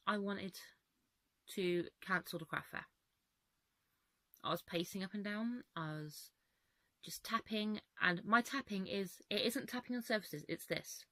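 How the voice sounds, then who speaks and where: A woman's voice: on the low side, sharp tone, no echo. Candid young woman rambling to camera. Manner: rambling, candid, laughs often. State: voice going. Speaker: vlogger. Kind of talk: casual chat to camera.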